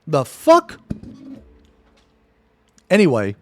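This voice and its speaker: A man streams and rants, swearing and sarcastic, sounding thoroughly fed up. His voice sits somewhat high and swings widely in pitch. The sound is dry and close, with no room echo. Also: wildly swooping pitch, very slow, a little mellow. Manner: profane, exasperated, sarcastic ranting. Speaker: Twitch streamer. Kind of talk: ranting livestream commentary.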